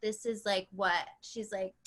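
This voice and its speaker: A woman teaching an acting class in a chatty, animated way, acting out lines as she explains. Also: mid-range voice, measured pace. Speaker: acting coach.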